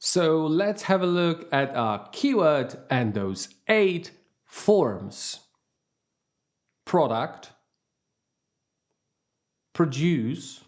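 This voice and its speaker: Slow, lively-voiced male English teacher. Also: medium pitch. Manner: slow, deliberate, lively intonation. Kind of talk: scripted vocabulary lesson.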